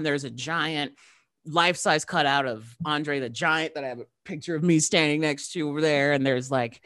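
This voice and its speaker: A woman from California, a podcast guest, telling a story casually and acting out excited quotes. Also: sits low, dry recording, clean studio sound. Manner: lively, jumps into excited character voices; casual, uses mild swearing. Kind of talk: animated storytelling in conversation.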